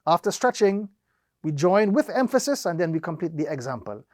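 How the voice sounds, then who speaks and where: A man's voice: high-pitched, very animated, a little mellow, dry recording. Methodical male recitation teacher, dry sound. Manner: slow, deliberate explanation with drawn-out demonstrations; repeats each step methodically. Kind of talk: instructional lesson.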